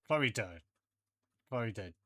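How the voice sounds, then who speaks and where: A man talks slowly through a retro game session, musing aloud as he explores and reads combat results off the screen. His voice is bright and forward, with unhurried pacing. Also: lowish voice, lively intonation, a little hiss or hum. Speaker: let's play host. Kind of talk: casual gameplay commentary.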